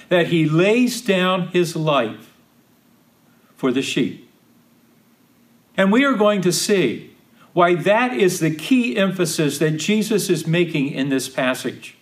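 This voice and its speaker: A man teaching a Bible study, speaking slowly and deliberately and stressing key phrases with emphatic repetition. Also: sits high. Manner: slow, deliberate, emphatic repetition of quoted verses.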